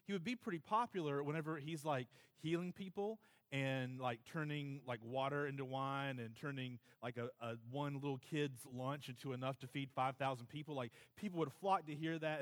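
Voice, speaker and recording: Weary, halting pastor, a man preaching. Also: a little high, big-room sound. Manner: halting, filler-heavy, emotional. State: tired, close to tears. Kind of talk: conversational sermon. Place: church sanctuary.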